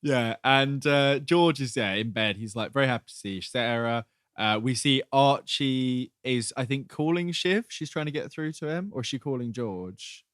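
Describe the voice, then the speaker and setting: A man's voice: medium pitch, normal speed, hardly any pauses, fairly bright tone, no room sound, studio quality. A man co-hosting a podcast, recapping a TV episode in rambling casual chat and acting out the characters' lines. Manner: rambling, acts out quotes with laughs. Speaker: podcast co-host.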